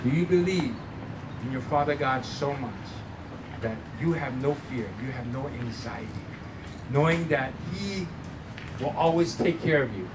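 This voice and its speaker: A man's voice: mid-range voice, lively intonation, unhurried, noisy background. A man preaching as pastor at a church service, emphatic, drawing answers from the congregation. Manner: emphatic preaching with call-and-response. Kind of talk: sermon.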